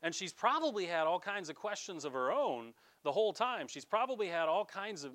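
A male pastor preaches in a loose, conversational way, turning often to speak straight to his listeners. His voice sits a little high for a man and swings widely in pitch. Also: moderate pace, few pauses. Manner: conversational, animated, addresses listeners directly. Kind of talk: sermon.

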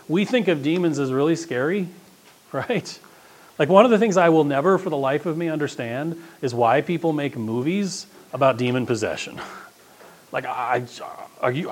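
A man's voice: on the high side, husky. A man preaching a sermon as pastor, talking in a conversational, emphatic way.

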